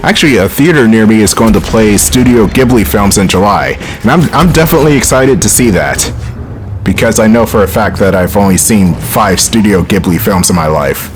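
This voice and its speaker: A man's voice: fairly low pitch, lively intonation, brisk, over music. A man hosting a let's play, giving casual, joking gameplay commentary full of rambling tangents.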